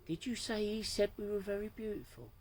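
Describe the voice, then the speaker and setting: A man's voice: high-pitched, expressive, fairly quick, voice pushed up. A man reading aloud, voicing a young woman who teases her friends on holiday. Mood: teasing.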